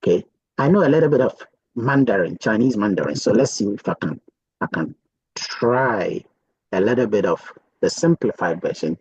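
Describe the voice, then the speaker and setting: A man walking viewers through software on his screen, chatty and thinking aloud with frequent "okay"s. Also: fairly low pitch, lively intonation, moderate pace, husky, no echo, muffled recording. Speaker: software tutorial presenter. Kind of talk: casual screen-share tutorial.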